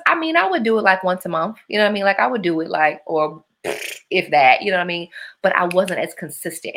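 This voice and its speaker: A woman, in a lower register. She talks to her listeners in a casual, reflective way. She tells her stories with animation and slips into playful voices. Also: a bit bright.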